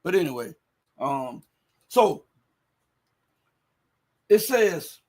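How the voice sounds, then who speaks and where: A man hosting a livestream, reading viewer chat and commenting emphatically, firing rhetorical questions and building up to shouting. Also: fairly high pitch, big pitch swings, extremely slow. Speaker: livestream host.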